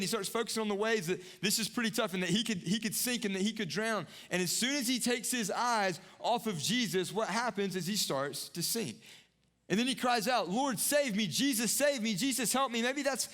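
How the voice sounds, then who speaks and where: A young adult man preaching a sermon earnestly, repeating phrases, rising to emphatic peaks and dropping to hushed lows. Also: a little fast. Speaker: pastor.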